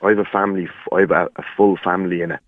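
A man's voice: sits low, steady tone, very fast, no room sound. A man calling in to a radio show, joking and sarcastic. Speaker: caller. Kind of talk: phone-in call. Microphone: phone line. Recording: tinny phone line.

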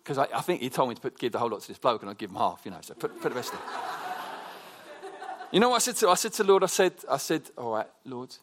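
A man preaching a conversational sermon, telling personal stories in a chatty, animated way with frequent restarts. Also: mid-range voice, racing, noisy background.

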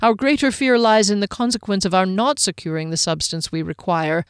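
A narrator voices a diplomatic warrior in a storybook reading, earnest and respectful in tone. The voice is smooth and close, with a dry sound. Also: medium pitch, fairly quick, no room sound, lightly acted. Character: soft-spoken diplomatic male warrior.

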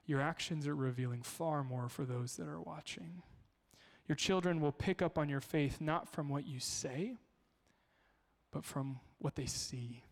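Storytelling pastor in a reverberant hall. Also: male voice, a little high, a little slow, creaky. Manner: storytelling, animated. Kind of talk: sermon. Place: church.

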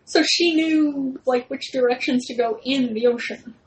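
High-pitched lady cohost, dry deadpan comebacks, slight noise in the room. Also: measured pace, poor audio. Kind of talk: casual comedic chat.

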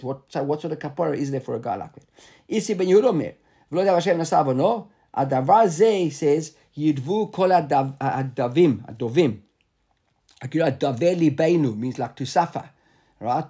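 Male Talmud teacher, quick and raspy, reads the text then explains it, halting delivery. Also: on the high side, darkish tone. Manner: reads the Hebrew text aloud and then explains it in English, hesitant. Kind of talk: Talmud study lesson.

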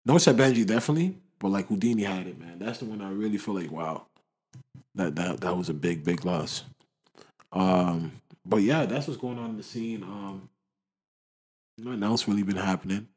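A young man from the area, telling stories in a slangy, animated way during a casual chat. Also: sits low, normal speed. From Toronto area, Canada.

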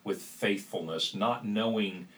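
A man's voice: on the low side, slow, recorded from a distance, poor audio. A man talking as a guest on a podcast, earnest and reflective, a little rambling. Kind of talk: podcast conversation.

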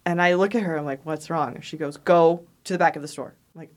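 A woman's voice: lowish voice, fast. A woman co-hosting a casual chat, telling stories with frequent laughs and acted-out quotes. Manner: laughs often, acts out quoted voices. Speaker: podcast co-host telling ghost stories.

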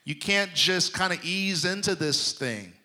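A man preaching a sermon, moving between loud emphatic lines and hushed near-whispers, often checking in with his congregation. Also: high voice, lively intonation, a little slow. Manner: addresses the congregation directly, checking in with them.

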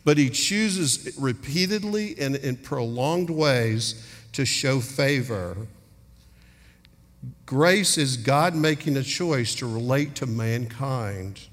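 A man's voice: medium pitch, animated, slow. A middle-aged man preaching a sermon earnestly, acting out little dialogues as he speaks. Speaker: pastor. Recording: long hall reverb.

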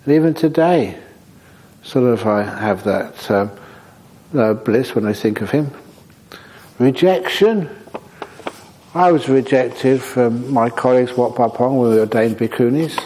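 A man, a Buddhist monk answering audience questions in a dharma talk, humorous and anecdotal in an unhurried way. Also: mid-range voice, warm tone, a little hiss or hum, low-quality recording. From Australia.

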